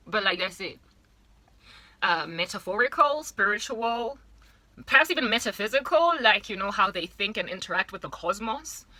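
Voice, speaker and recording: A woman's voice: mid-range voice, a little fast, sharp tone, no room sound. A South African woman in her thirties, rambling playfully through a casual monologue with exaggerated asides. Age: 30s. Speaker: vlogger.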